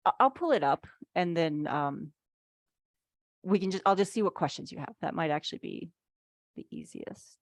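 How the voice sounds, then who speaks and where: A woman's voice: on the low side, animated, normal speed, long pauses, no room sound. A woman giving a casual online workshop on business finances, chatty, full of "like"s and playful acted asides, speaking over a video call.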